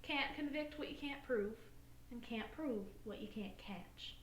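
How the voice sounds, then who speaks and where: A woman's voice: a little high, measured pace, reverberant, a little hiss or hum, lightly acted. A woman playing a brash, unrepentant female ex-con who showers everyone with flirty pet names in a comedy web drama. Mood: sassy. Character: brassy middle-aged female ex-con, sassy and unrepentant.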